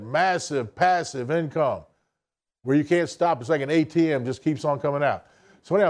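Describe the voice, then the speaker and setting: This business speaker has a voice that is a little high and somewhat mellow. He gives an audience a motivational speech in a blunt, folksy style.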